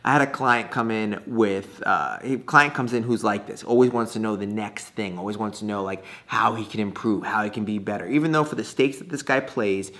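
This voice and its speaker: Speaking briskly with few pauses, a man with a lowish, slightly bright voice talks as a poker coach in a casual monologue to camera. He's chatty, laughs a lot, and often restarts and uses fillers.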